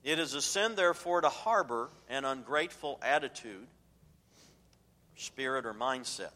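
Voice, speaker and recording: A man preaching a sermon as pastor, emphatic and swinging between loud declarations and hushed asides. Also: mid-range voice, animated, normal speed, in a large hall.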